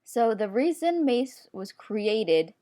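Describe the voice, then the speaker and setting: A woman's voice: on the high side, big pitch swings, takes it slowly, warm tone. A young woman talking casually and at length while she draws, chatty and self-mocking, often breaking into laughs. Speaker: art YouTuber. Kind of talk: rambling casual commentary while drawing. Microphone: computer screen-recording voice-over.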